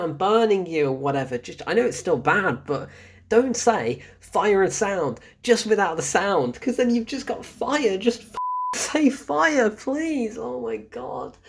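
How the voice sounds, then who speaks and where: A man giving a casual spoken film review, ranting in exasperation, swearing often and laughing in disbelief. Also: on the high side.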